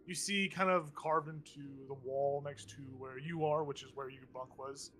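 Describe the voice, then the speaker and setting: A man's voice: fairly high pitch, fairly even intonation, normal speed, a bit bright, a little hiss or hum. A man running a tabletop game as game master, narrating casually with lots of fillers and frequent laughter.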